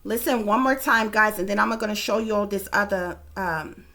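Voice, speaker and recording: A woman's voice: medium pitch, normal speed, bright, forceful tone. A woman psychic reader giving casual, blunt, profane commentary straight to her viewers.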